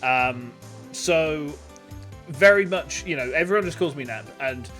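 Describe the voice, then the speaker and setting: A man's voice: on the high side, lively intonation, unhurried, a bit bright, faint music behind. An English man in his thirties rambling chattily while streaming a game. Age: 30s. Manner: rambling, chatty, self-deprecating. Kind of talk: casual gameplay commentary.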